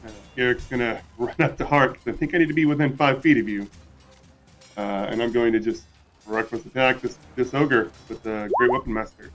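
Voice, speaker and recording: A man's voice: mid-range voice, a little fast, a bit bright, soft background music. A man playing in a tabletop game who talks casually and laughs easily. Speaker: player.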